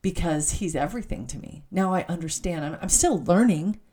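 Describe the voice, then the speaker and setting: A woman's voice: fairly low pitch, brisk, warm tone, slightly rough. A middle-aged woman giving an earnest, heartfelt personal faith talk, often stopping to correct herself.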